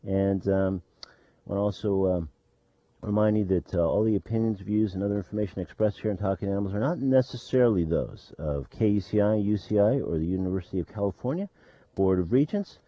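A man with a fairly low voice hosts a radio show from a studio, talking casually and haltingly with plenty of uh and um. The sound is dry, with a slightly dull tone. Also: no room sound. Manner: halting, full of uh and um fillers.

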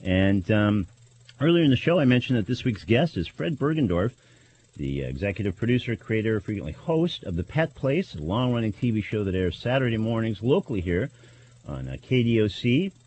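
A male radio host announces and interviews in a low voice. His pitch moves a lot, and he halts often on fillers. The sound is dull and muffled. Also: very animated, fairly quick, a little mellow. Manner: hesitant, filler-heavy announcing. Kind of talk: college radio talk show hosting.

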